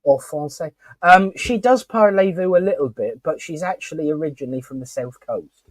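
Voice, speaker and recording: A man's voice: fairly high pitch, brisk, no echo. A man hosting a casual live-stream chat, rambling and talkative with lots of fillers and restarts. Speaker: host.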